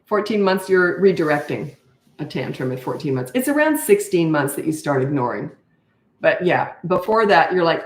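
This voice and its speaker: An animated older woman, talking fairly quickly, answers parents' questions in a live session held in an echoey room. She's direct and matter-of-fact, slipping into high voices when acting out the children.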